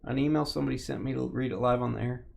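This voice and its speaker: A man's voice: medium pitch, very fast, creaky. A man hosting a live card-opening stream, joking and bantering casually with the people in the room and the chat. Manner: playful, joking banter with lively swings.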